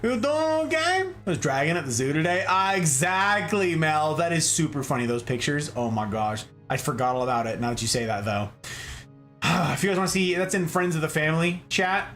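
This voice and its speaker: A man's voice: fairly high pitch, a little fast, fairly bright tone, faint music behind. A man hosting a casual plant livestream, playful and goofy, slangy, breaking into silly voices. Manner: slangy, lots of "like" fillers. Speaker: streamer hosting a plant stream.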